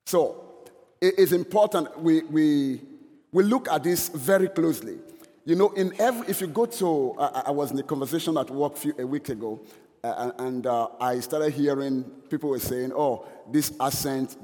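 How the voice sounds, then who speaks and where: A man's voice: fairly high pitch, a little mellow, big-room sound. A male preacher giving a sermon in an earnest, stop-start way, with frequent restarts.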